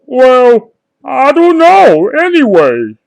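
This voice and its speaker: A man's voice: very high voice, wildly swooping pitch, slow, vocal fry, heavily acted, rough recording. A man voicing an impatient male watermelon in a homemade puppet story, whining and repeating himself. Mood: whiny. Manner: whiny, repeats phrases over and over.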